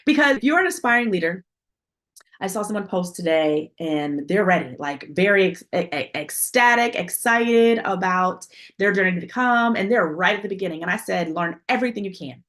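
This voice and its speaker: A woman's voice: medium pitch, expressive, normal speed, fairly bright tone. A woman who is an assistant principal, giving earnest, conversational advice to aspiring school leaders and often checking in with "right?". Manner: conversational, frequent "right?" tag questions, earnest. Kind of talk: casual talk to aspiring leaders.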